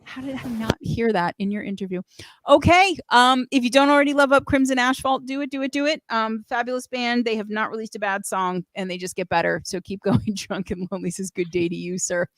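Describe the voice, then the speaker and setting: A woman's voice: fairly high pitch, a little fast, no room sound, studio quality. A woman hosting a live music show, chatting enthusiastically, swearing freely and reading out chat comments. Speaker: host.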